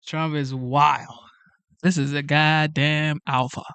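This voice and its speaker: A man reacts to a clip in a loose, excitable commentary style, breaking into exclamations as he talks. His voice sits a little high. The sound is dry and close to the mic. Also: slow pace, vocal fry, smooth, dry recording.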